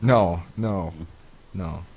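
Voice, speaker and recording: Low-voiced joking podcast co-host. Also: male voice, drawn-out words, darkish tone. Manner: teasing, joking banter. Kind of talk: casual podcast chat.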